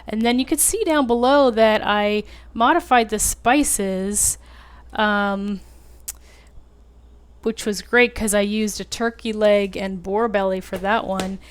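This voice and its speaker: Slow, smooth-voiced woman hosting a cooking tutorial. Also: medium pitch, fairly even intonation. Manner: chatty and self-deprecating, with many fillers. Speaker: home cooking channel host. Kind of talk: casual how-to tutorial.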